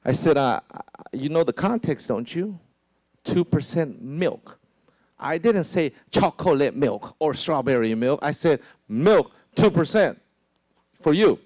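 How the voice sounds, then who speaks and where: A pastor preaching a sermon in a conversational way, often asking "right?" and dropping into a lower voice to act out quotes. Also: male voice, a little mellow, dry recording. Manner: conversational, many "right?" asides and restarts.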